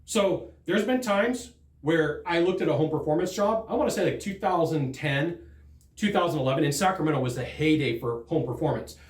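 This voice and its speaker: A man giving a sales training talk, telling stories from the field in an animated, emphatic way. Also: fairly high pitch, a little fast, roomy sound.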